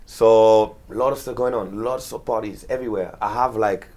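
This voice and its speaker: A man's voice: lowish voice, steady tone, moderate pace, darkish tone. A young man, a DJ, telling stories in a casual chat, acting out quotes and laughing often. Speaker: DJ guest.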